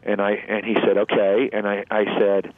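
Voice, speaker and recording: A man guest earnestly telling a personal story in a halting, emotional way, heard over a phone-like line. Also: lowish voice, completely flat delivery, slight background noise. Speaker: interview guest. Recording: phone-like narrow line, dry.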